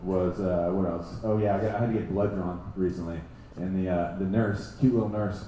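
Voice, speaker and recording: A man performing a live stand-up set in a small venue, delivering boastful deadpan bits and checking in with "all right?". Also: low voice, a little fast, heavy reverb, poor audio. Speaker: stand-up comedian. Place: small comedy show venue.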